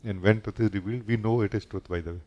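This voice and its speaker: A man, a spiritual teacher, giving a gentle and reflective satsang talk, often closing his sentences with a questioning "no?". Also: fairly low pitch, fairly even intonation, fast talker, highs cut off.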